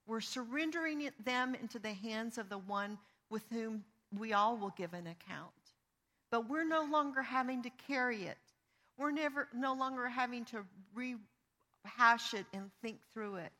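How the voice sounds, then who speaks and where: A woman with a bright, ringing voice, pitched a little high, teaching from the Bible. She talks earnestly and plainly, leaning on the verses as she reads them aloud. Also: normal speed. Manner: reads scripture aloud with emphasis; earnest and conversational, with small restarts. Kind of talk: teaching on forgiveness.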